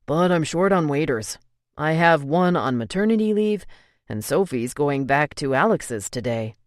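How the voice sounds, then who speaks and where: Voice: medium pitch, lively intonation, unhurried, no echo, clean studio sound, close to an everyday voice. A narrator voicing a blunt young man who manages a restaurant and swears casually, read in an audiobook. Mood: matter-of-fact.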